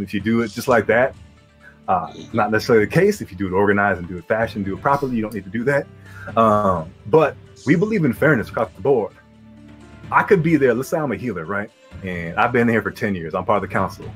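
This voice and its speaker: A man, talking as a podcast guest in a laid-back, rambling, slangy way. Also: mid-range voice. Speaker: guest, guild leader. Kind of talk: casual podcast interview.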